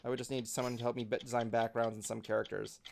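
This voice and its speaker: A man's voice: medium pitch, level tone, rapid-fire, vocal fry, darkish tone, a little hiss or hum. A man hosting a casual nerdy talk stream, rambling with lots of fillers and jokes. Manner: rambling, filler-heavy, jokey. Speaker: talk show host.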